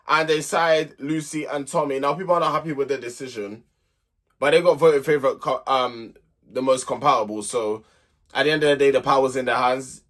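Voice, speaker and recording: A man's voice: mid-range voice, fairly even intonation, a little fast, a bit bright. A young man hosting a reality TV recap channel, giving blunt, exasperated opinions in casual commentary.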